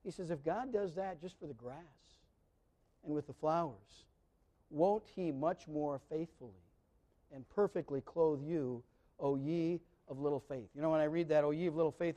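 A middle-aged male pastor preaching a sermon in a conversational way, repeating words as he goes and building to loud, emphatic peaks. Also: a little high, moderate pace.

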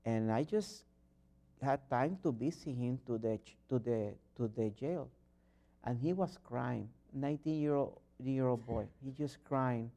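Man, preacher, earnest sermon, restarts, builds to loud fervor. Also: medium pitch, a little slow. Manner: earnest, rising to loud fervent exhortation; non-native phrasing and frequent restarts.

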